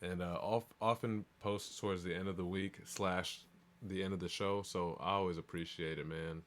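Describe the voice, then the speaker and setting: Profane, hyped-up streaming host, low voice. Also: male voice, steady tone, moderate pace, a bit bright. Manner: loose, profane, rambling and hyped. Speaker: livestream show host. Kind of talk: casual live-stream chat.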